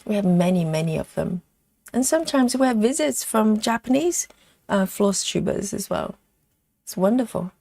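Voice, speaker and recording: A woman's voice: mid-range voice, animated, normal speed, vocal fry, dark tone, dry recording. A woman hosting a live stitching stream in a casual chatty way. She reads viewers' comments aloud and counts stitches as she works. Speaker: livestream host stitching live.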